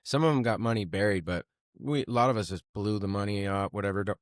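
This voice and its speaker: Low-voiced california guy hosting a podcast, halting, thinks out loud, dry sound. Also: no echo. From Grass Valley, California. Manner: halting, reflective, with restarts. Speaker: podcast host. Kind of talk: casual podcast chat.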